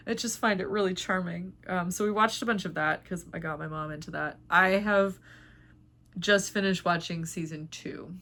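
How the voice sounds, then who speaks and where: A woman's voice: fairly low pitch, steady tone, normal speed, fairly bright tone. A woman hosting a knitting vlog, chatting casually and rambling with lots of filler words. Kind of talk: casual chat.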